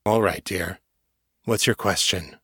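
A man doing a soft-spoken old smith. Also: normal speed, slightly rough, dry recording, studio quality, full character voice. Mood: gentle. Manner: soft, gentle, low. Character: gray-bearded old male village smith, gentle and wry.

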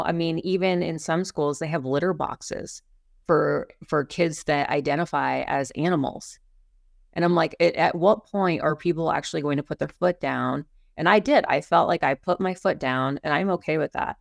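A woman's voice: low voice, normal speed, creaky, dry recording, clean studio sound. A young adult woman co-hosting a podcast, talking in a heated, rambling way with many fillers and restarts. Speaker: podcast co-host. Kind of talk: casual opinion talk.

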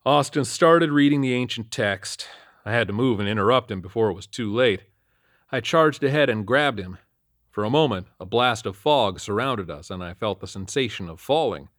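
A man's voice: mid-range voice, expressive, normal speed, fairly bright tone, no echo, clean studio sound. A man narrating a first-person supernatural cop story in an earnest, matter-of-fact way.

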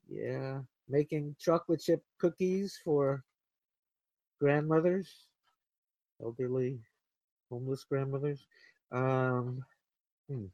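A man's voice: mid-range voice, no room sound. A man ranting casually to his viewers, rambling and sarcastic with lots of fillers. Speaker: vlogger. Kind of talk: casual rant to camera.

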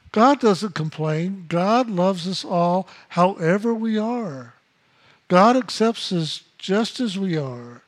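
Slow, high-voiced male spiritual teacher. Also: expressive. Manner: repetitive, emphatic, with blunt asides.

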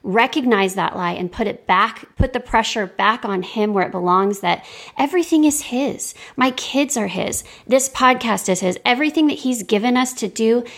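A woman's voice: on the high side, moderate pace, few pauses, fairly bright tone. A woman hosting a faith-based podcast, talking in a reflective and affirming way. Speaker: podcast host.

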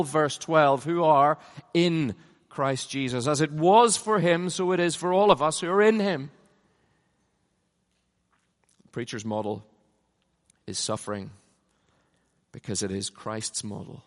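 A middle-aged man preaching a conference sermon, emphatic, swinging from loud passionate peaks down to low, quiet lines. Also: normal speed. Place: large conference hall. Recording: long hall reverb.

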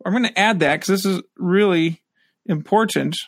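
Male scripture teacher with a high voice, alternating reading and commentary, dry close sound. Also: moderate pace, no room sound. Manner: reads verses aloud then comments. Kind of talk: scripture study lesson.

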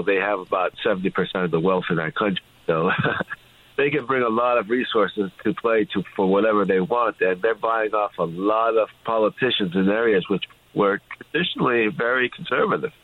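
A man, a company CEO, speaking as a radio guest in a calm, matter-of-fact way. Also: on the low side, normal speed. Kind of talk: radio interview. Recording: phone-line sound.

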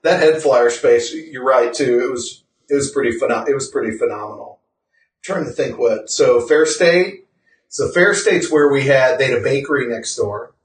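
A man's voice: mid-range voice, moderate pace, recorded from a distance, a little hiss or hum. A man co-hosting a podcast in casual chat, rambling, self-correcting, and laughing often. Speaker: podcast co-host. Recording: roomy sound from off-mic.

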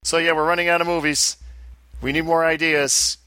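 Easygoing male podcast host, bright tone. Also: a little high, level tone, clean tone, dry recording. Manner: easygoing, quick to laugh. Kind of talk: casual chat.

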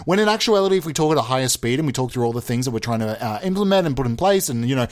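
A man's voice: medium pitch, expressive, racing, few pauses, a little mellow. A man giving a rambling, self-mocking comic monologue as a pretend politician. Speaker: comedic mock politician. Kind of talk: comedic monologue.

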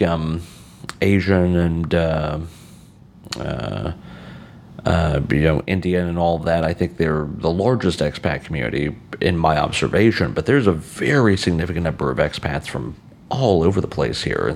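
A very deep-voiced American man hosts his podcast alone, musing in a loose, rambling way full of fillers and restarts. He's outdoors on a balcony, with a faint outdoor ambience underneath. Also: lively intonation, normal speed, creaky, slight background noise. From United States. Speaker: podcast host. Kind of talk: casual solo monologue.

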